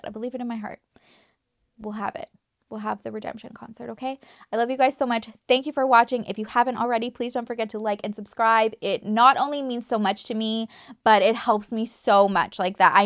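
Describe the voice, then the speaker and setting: A YouTube true crime creator, a woman in her thirties, talks casually to camera in a voice on the high side. The audio is studio quality with no echo. She's chatty and emphatic, using lots of fillers and restarts.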